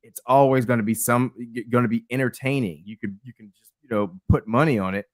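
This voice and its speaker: A man co-hosting a wrestling review podcast, relaxed and chuckling, talking through matches with lots of fillers. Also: mid-range voice, no echo, clean studio sound. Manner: relaxed, laughing, halting with fillers. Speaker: podcast co-host. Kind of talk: casual wrestling review chat.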